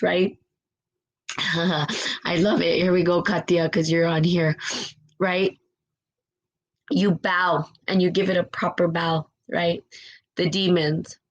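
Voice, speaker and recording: A woman with a slightly low voice gives an impassioned motivational talk on her own live stream. She sounds close to tears, presses her points with repetition and keeps checking in with a quick "right?". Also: little pitch movement, muffled recording. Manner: fervent and emotional, repeats phrases, asks "right?". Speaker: host of a spiritual live stream. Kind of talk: impassioned motivational talk, reading viewer comments.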